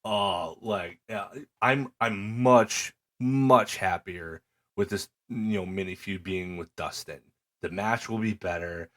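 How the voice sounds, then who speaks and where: Low-pitched and slow, a middle-aged podcast co-host runs through match recaps in easygoing chat. He's an animated storyteller who acts out the wrestlers' quoted lines.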